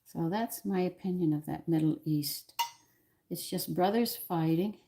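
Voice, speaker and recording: Woman in her sixties, low pitched, gravelly, cooking host, chatty and opinionated, home kitchen. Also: measured pace, dark tone. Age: 60s. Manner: rambling, opinionated, greets viewers by name. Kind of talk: casual chat while cooking.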